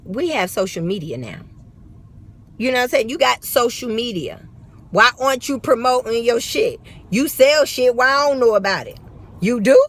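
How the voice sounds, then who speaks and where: A woman with a St. Louis accent speaks to her followers in a fairly high voice. She is blunt and profane, and she drives each point home by repeating it. She records herself on her phone for a vlog. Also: lively intonation, normal speed. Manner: blunt, profane, emphatic and repetitive. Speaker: vlogger. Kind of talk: motivational straight-talk vlog.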